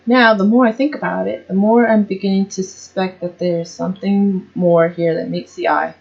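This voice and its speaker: A woman's voice: medium pitch, steady tone, moderate pace, gravelly, a little mellow, muffled recording. Woman reading a story aloud. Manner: casual, self-correcting asides.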